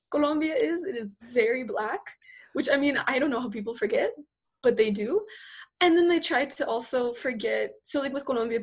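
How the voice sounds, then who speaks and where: A woman in casual conversation, telling animated stories and acting out what people said, with lots of "like" in her speech. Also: on the high side. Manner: animated storytelling, many "like"s, acts out quotes. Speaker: guest. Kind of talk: casual chat.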